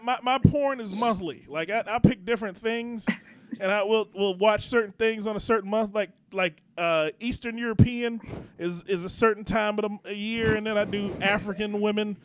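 High-voiced man rambling. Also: moderate pace, a little hiss or hum. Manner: rambling, self-deprecating, swears freely. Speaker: podcast co-host. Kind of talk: casual comedy chat.

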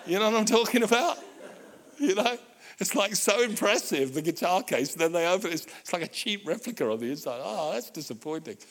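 A middle-aged man preaching a sermon, telling a personal story with lively audience asides and frequent restarts. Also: high voice, a little fast. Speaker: pastor.

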